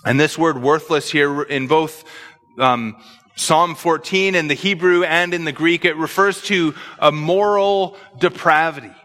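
A man's voice: on the high side, fairly even intonation, a little slow, sharp tone, big-room sound. A man preaching an expository sermon, earnestly explaining scripture verse by verse.

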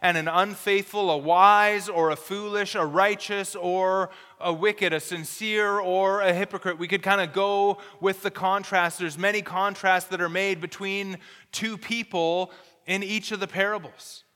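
A man's voice: high voice, fairly even intonation, unhurried, bright, forceful tone, clear, resonant tone. A male pastor preaching a sermon, reading scripture aloud and giving earnest, urgent warnings. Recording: long hall reverb.

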